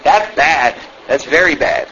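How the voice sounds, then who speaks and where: Male preacher, high bright voice, emphatic, repeats himself, dull recording with faint hiss. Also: lively intonation, a little slow. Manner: emphatic, repetitive, rhetorical questions to the congregation. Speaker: pastor. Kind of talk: sermon.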